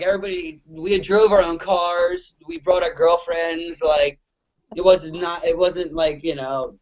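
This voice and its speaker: A man's voice: a little high, a little mellow. A young man from the Philadelphia suburbs, chatting loosely as a guest musician, with lots of fillers and swearing. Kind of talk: casual interview chat. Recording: muffled lo-fi audio.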